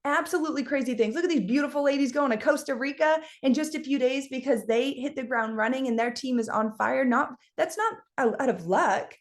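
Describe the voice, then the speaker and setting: A fairly high-voiced woman talks to her team in a lively motivational style. She moves fast between stories and asides, energetic and animated throughout. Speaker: team leader speaking on a team call. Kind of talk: casual motivational talk with storytelling.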